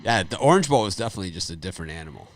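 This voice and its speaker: A middle-aged man with a lowish voice hosts a casual sports betting chat. He rambles through stories, laughs often and repeats phrases. His delivery stays loose and conversational. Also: very animated, rapid-fire, slight background noise. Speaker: sports betting show host.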